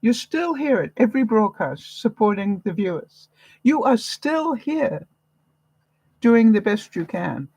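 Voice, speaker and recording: A woman's voice: on the high side, sing-song, measured pace, dark tone, slightly rough, dry recording, poor audio. A woman from Canada hosting a live vlog, giving viewers an encouraging, motherly pep talk. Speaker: vlogger host. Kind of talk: live-stream chat with viewers.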